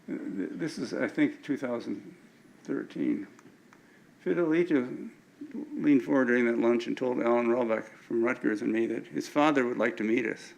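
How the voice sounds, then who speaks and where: A man's voice: mid-range voice, normal speed, gravelly, a little mellow, low-quality recording. An older man giving an anecdotal lecture with slides at an alumni event, often stumbling and restarting his words.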